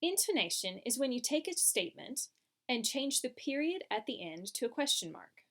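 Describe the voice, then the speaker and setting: A woman's voice: high voice, very animated, normal speed, fairly bright tone, slight background noise. A woman teaching a French lesson, explaining patiently step by step over slides. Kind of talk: recorded classroom lesson.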